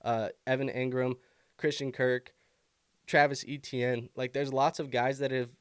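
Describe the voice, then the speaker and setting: A young man, unhurried and clear with a resonant, medium-pitched voice and little pitch movement, answers viewer questions on his live fantasy football stream. Troubled by the hiccups, he stays casual and thinks aloud with many fillers. The recording is dry, with clean studio sound.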